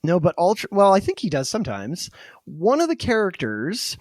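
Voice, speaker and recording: A man hosting a podcast, telling a story in a casual, animated way and laughing easily. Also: high-pitched, normal speed, no echo, clean studio sound.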